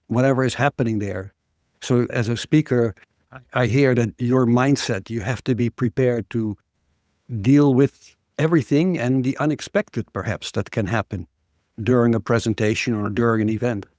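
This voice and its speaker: A man's voice: medium pitch, darkish tone, dry recording, studio quality. A man hosting a podcast interview who sums up his guest's points in a thoughtful, searching way. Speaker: podcast host.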